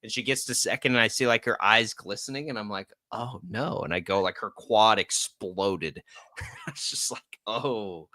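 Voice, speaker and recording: Man, sports radio host, bright forceful voice, chatty and energetic, dry studio sound. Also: on the low side, normal speed, no echo. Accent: American. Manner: chatty, energetic, reads ad copy. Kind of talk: casual sports talk radio.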